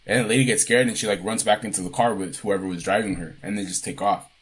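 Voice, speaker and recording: A man's voice: on the low side, steady tone, fast, husky. A man co-hosting a podcast, telling a childhood story in a casual, profane, laid-back way. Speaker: podcast co-host.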